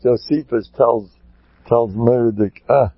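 A man giving a dramatic Torah class, swinging from muttered asides to impassioned shouts. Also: mid-range voice, measured pace, breathy edge, no room sound, highs cut off. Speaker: Torah teacher.

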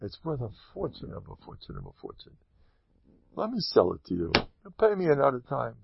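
A man's voice: mid-range voice, wildly swooping pitch, brisk, vocal fry, dull audio, a little hiss or hum, full character voice. A man voicing a friendly ship captain who coaxes a passenger into a deal. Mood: coaxing.

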